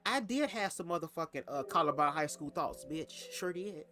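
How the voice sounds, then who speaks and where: Over soft background music, a young man tells the camera a personal story at a moderate pace, his voice expressive and sharp. He's a storytime vlogger, casual, cursing, full of sass, and emphatic, with his pitch leaping around.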